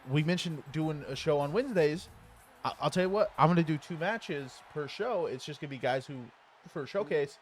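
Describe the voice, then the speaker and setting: A man's voice: a little high, fairly quick, a little hiss or hum. Blunt, argumentative man calling a game. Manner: blunt, argumentative, swears freely. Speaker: co-host commentator. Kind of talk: casual video game commentary.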